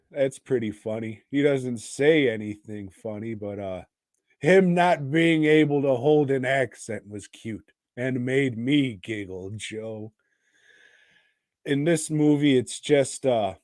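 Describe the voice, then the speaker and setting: A man's voice: medium pitch, slow pace, darkish tone, no echo, studio quality. A man co-hosting a podcast, chatting in a crude, profane, rambling way. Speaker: podcast co-host. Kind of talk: casual podcast chat.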